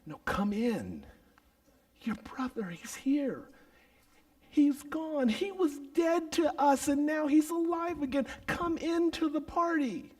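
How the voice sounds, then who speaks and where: A preacher voicing a forgiving father who pleads with his grown son in a high, urging voice that dips to a whisper. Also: fairly even intonation, a little slow, hardly any pauses, darkish tone. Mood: pleading.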